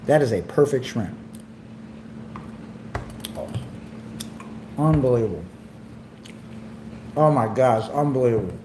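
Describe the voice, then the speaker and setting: A man talks slowly and unhurriedly, hosting a casual cooking livestream from home. He rambles in a relaxed way and gushes about the food. His voice echoes off the room, with faint ambient noise behind it. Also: mid-range voice. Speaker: livestream host.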